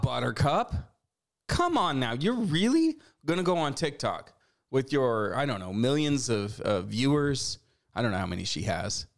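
A man in his forties hosting a talk show, giving sarcastic, scolding commentary. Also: medium pitch. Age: 40s. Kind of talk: opinion commentary.

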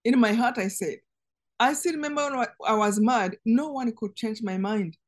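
Woman, higher voice, earnest, emotional, halting restarts, personal testimony. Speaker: interview guest.

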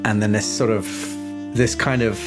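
A man's voice: on the low side, fairly even intonation, normal speed, music in the background. A man running a tabletop game, describing scenes and groping for words, swearing casually. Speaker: game master.

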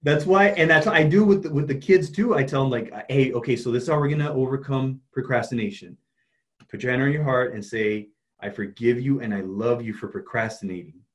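A man who works as a life coach, talking earnestly in a casual conversation, often restarting his sentences. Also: medium pitch. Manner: earnest, halting, many restarts.

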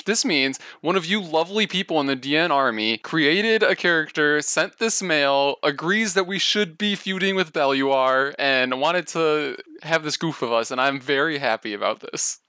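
A man co-hosting a podcast in casual chat, calm and earnest. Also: fairly high pitch, moderate pace, hardly any pauses, no echo, studio quality. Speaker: podcast co-host.

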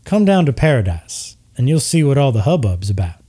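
A man's voice: very animated, brisk, dark tone, breathy edge. A man doing a slick tiefling showman. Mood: slick salesy. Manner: slick showman sales pitch. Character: smooth male tiefling resort mogul.

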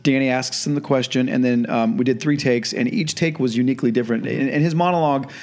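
A man hosting a casual podcast talks at a rapid clip. He tells animated stories from a film set and slips into the voices of the people he quotes. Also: mid-range voice. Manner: animated anecdotes with quoted dialogue. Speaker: podcast host and film director. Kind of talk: casual storytelling chat.

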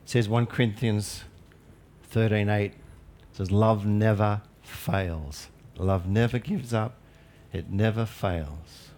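A man's voice: fairly low pitch, takes it slowly, darkish tone. A male pastor preaching a sermon in an earnest, emphatic way with light humorous asides.

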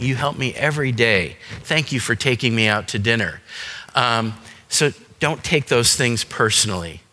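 A man's voice: mid-range voice, bright, forceful tone. A man giving a church seminar talk on dementia caregiving, explaining in a conversational way with frequent "um" and "you know". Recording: echoey hall reverb.

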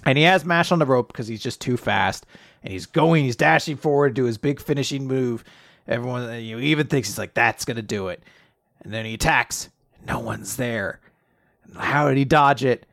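Animated man recapping manga chapters. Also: medium pitch, vocal fry, dry recording, clean studio sound. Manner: animated retelling, acts out characters in quick voices. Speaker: podcast co-host. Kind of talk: casual manga recap chat.

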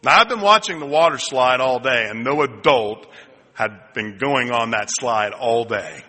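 Bright-voiced pastor in a reverberant church. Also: male voice, medium pitch, unhurried. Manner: storytelling with self-deprecating humor. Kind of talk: sermon. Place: church sanctuary. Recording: long reverb in a church hall.

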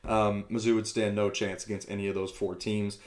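A man hosting a casual sports podcast, talking loosely with quick asides and casual swearing. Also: fairly low pitch, little pitch movement. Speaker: podcast host.

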